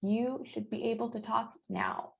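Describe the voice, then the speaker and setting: A woman moderates an online session in a slightly high voice. She is helpful and matter-of-fact while managing who gets to speak. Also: a little slow, gravelly. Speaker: webinar moderator.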